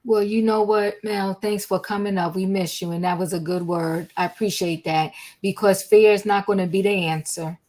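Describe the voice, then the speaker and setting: A woman's voice: medium pitch, fairly even intonation, normal speed, few pauses, darkish tone. Chatty older woman hosting a talk room. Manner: chatty, earnest, lots of fillers. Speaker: host of a live audio chat room. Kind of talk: casual live talk show. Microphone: online audio room.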